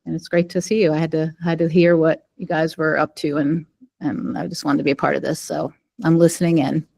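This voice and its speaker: A woman's voice: sits low, flat delivery, brisk, gravelly, warm tone. A middle-aged woman, a former actor, joining a video call, flustered and hesitant but friendly. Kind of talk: casual video-call chat.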